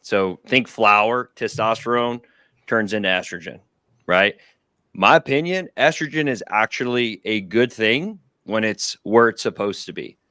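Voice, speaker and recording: Low-voiced man explaining, dry sound. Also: unhurried, bright, forceful tone, no room sound. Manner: explanatory, matter-of-fact. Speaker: guest doctor. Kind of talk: casual chat on a group stream.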